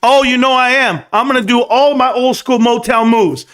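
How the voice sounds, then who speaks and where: High-voiced hype guy on a late nite stock stream, cocky, swears a lot, sings bits out loud. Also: moderate pace. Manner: brash, boastful trash talk with swearing; bursts into singing and shouting. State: out of breath. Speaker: stock livestream host. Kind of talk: hyped late-night stock talk livestream.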